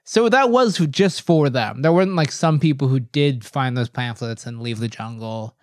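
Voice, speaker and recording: A man co-hosting a casual podcast, joking and animated, full of "like" and "dude". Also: medium pitch, normal speed, no room sound, studio quality. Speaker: podcast co-host.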